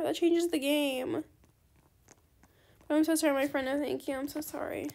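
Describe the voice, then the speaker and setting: High, gravelly-voiced woman gaming host. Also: normal speed. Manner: chatty, excitable, polite. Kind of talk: casual gameplay commentary.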